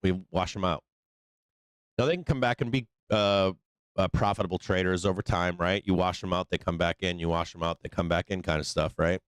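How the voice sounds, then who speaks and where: A man's voice: low-pitched, steady tone, a little fast, clear, resonant tone, no room sound. Profane, rambling male trading host. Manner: rambling, profane storytelling with many fillers. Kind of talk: casual live-stream talk.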